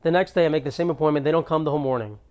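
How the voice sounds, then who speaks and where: A man's voice: on the high side, rapid-fire, a little mellow. Ranting young man comedy monologue. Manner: ranting, exasperated, profane storytelling. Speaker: comedian podcast host. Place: apartment.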